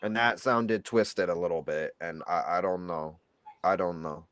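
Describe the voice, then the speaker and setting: A man's voice: low voice, steady tone, a little slow, a bit bright, no echo. A young adult man chatting casually as a shop owner, blunt and gossipy with a sassy edge. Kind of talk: casual chat.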